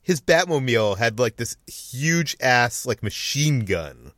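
A man hosting a podcast in a casual way, quick and loose as he leads the discussion. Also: mid-range voice, expressive, a bit bright, dry recording, studio quality. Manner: quick, loose, leading the talk. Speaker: podcast host, editor-in-chief.

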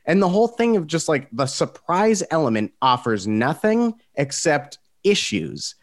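Man, fairly high voice with lively swings, opinionated podcast co-host. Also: a little slow, few pauses. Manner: opinionated, animated ranting. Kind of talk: casual chat.

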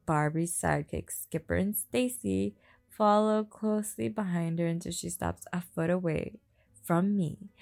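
A woman reading a steamy novel aloud in a deliberate monotone, breaking off for chatty joking asides, recorded on a phone. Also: lowish voice, gravelly. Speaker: reader of romance novels. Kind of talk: deadpan comedic reading.

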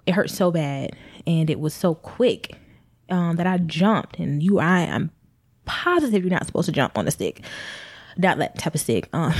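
A young woman who is pregnant recounts her own story to her viewers with a somewhat low voice. She rambles candidly and speaks to them directly. The sound is dry, with no room echo. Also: darkish tone. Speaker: vlogger. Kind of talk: personal storytelling to camera.

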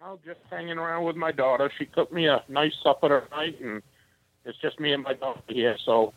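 A man's voice: on the high side, steady tone, a little fast, no echo. A man calling in to a talk show, chatting plainly and easygoing. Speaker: caller. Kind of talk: phone-in chat. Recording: dull phone line.

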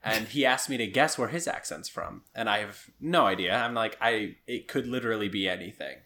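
Bright-voiced Midwestern man, chatty. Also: fairly low pitch, a little fast, a little hiss or hum. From Midwest United States. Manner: chatty, self-deprecating storyteller. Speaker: podcast co-host. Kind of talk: casual chat.

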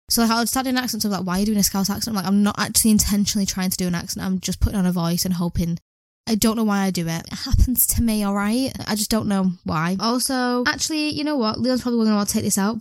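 A woman's voice: medium pitch, darkish tone, no room sound. A young British woman with an English accent hosting a solo podcast, rambling from topic to topic and swearing freely. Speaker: podcast host.

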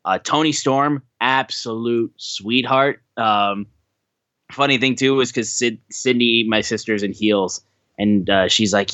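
A young man co-hosting a podcast, telling stories in a casual, animated way and acting out what others said. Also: mid-range voice, slow, dry recording, highs cut off. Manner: animated, acts out quoted voices, swears casually. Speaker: podcast co-host.

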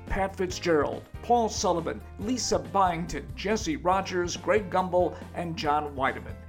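A podcast host reading out thanks and credits in a measured way. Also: male voice, high voice. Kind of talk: scripted outro.

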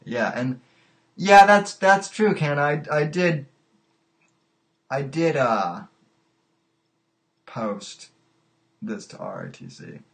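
Male call-in show host, slow and stammering, laughing at callers. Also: on the high side, huge pitch swings, gravelly. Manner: halting, repeats his words, laughs often. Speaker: podcast host. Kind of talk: live call-in show chat.

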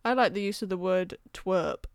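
A woman's voice: lowish voice, normal speed, dry recording, studio quality. A young woman in her twenties co-hosting a podcast, talking bluntly and swearing freely in casual chat. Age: 20s. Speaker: podcast co-host.

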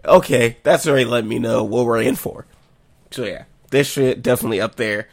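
A young man co-hosting a podcast in casual chat, animated and profane, laughing often. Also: medium pitch, brisk, creaky, no room sound. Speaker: podcast co-host.

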